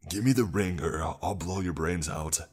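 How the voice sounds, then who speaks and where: Brief: a man playing a gruff armed robber for a spoken story, very deep, threatening. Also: normal speed. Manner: threatening, barking orders.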